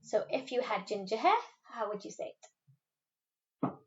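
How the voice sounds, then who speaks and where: A woman teacher giving a recorded French lesson, patiently modelling words slowly for pupils to repeat. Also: a little high, animated, husky. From Wales. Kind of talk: recorded classroom video lesson. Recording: slightly dull, lo-fi recording.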